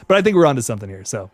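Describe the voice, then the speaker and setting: A young man hosting a casual live stream, reading chat and reacting with excitable slang and quick restarts. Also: medium pitch, dry recording. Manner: excitable, laid-back slang, frequent laughs and restarts.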